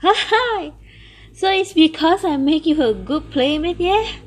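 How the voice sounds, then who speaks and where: A woman reading as a sly old turtle, slow and coaxing. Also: high voice, animated, exaggerated voice. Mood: gleeful. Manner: coaxing, then loudly gleeful. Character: old trapped male turtle, sly and boastful.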